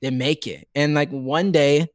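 A young man, a stage actor, telling stories in a casual chat, animated and full of "like". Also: fairly high pitch, unhurried, no echo, clean studio sound. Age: young adult. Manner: animated, chatty, heavy use of "like". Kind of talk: casual conversational storytelling.

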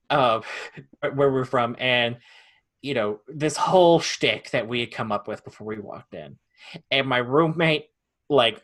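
A young man co-hosting a podcast, telling a story in a casual, animated way with frequent laughter and restarts. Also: mid-range voice. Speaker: podcast co-host.

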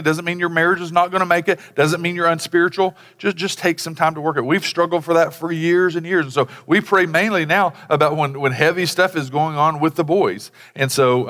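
A middle-aged man preaching in a conversational, rambling way, full of fillers and restarts, with acted-out bits of dialogue. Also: a bit bright. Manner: acts out quoted dialogue in a lower voice. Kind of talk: sermon on family devotions. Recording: long hall reverb.

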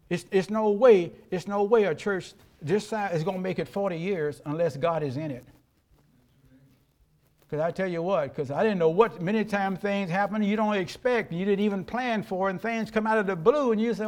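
A man's voice: a little high, darkish tone. An older man preaching a sermon as pastor, folksy and emphatic, asking the congregation rhetorical questions.

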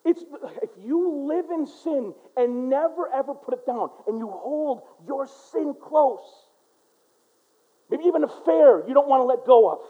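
American male pastor, very high voice, earnest sermon delivery swinging loud to hushed, muffled recording. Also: lively intonation, a little slow. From United States. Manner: earnest, swings from loud and urgent to quiet and low; mimics people in quoted asides. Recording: dull lo-fi recording.

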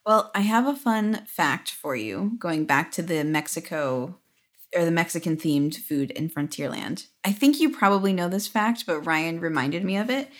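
A woman's voice: lowish voice, expressive, moderate pace. A woman co-hosting a podcast, telling stories in a chatty way with many fillers and giggles. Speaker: podcast co-host. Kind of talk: casual chat.

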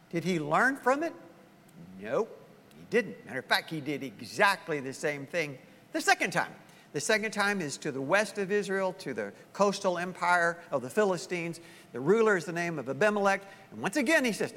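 A man preaching a sermon as pastor, telling the story with lively acted-out voices. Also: sits high, normal speed, in a large hall. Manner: animated storytelling, acting out voices of the story's people.

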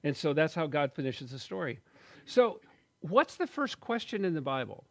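A man in his sixties giving a sermon, telling a story with jokes and asides in a lively way. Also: fairly high pitch, moderate pace. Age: 60s. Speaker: pastor.

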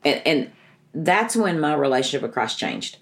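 A woman's voice: low-pitched, big pitch swings, normal speed. A woman, a bereaved mother telling a personal story in an interview, earnest and emotional with many restarts.

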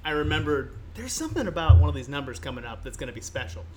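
A man's voice: a little high, sing-song, fast, darkish tone, a little hiss or hum. A man co-hosting a podcast in casual chat, laughing often and stopping and restarting with lots of fillers. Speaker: podcast co-host.

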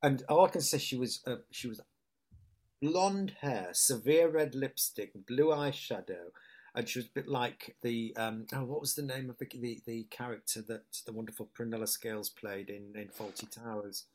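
Chatty northern English storyteller with a Hull accent. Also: male voice, mid-range voice, normal speed. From Hull, England. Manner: chatty storyteller who breaks into lively impressions, with many restarts. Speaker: actor, interview guest. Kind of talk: casual anecdotal chat.

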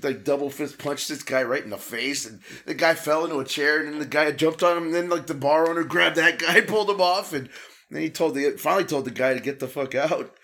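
A man chimes into a shared story in casual conversation, laid-back and swearing easily. His voice is bright and sits a little above the usual pitch for a man. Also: a little fast. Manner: laid-back, profane, chuckling asides.

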